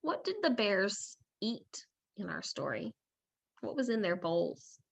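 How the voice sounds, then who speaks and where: A woman teacher reading a story aloud in a lesson, expressive and asking questions. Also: mid-range voice, slow, creaky.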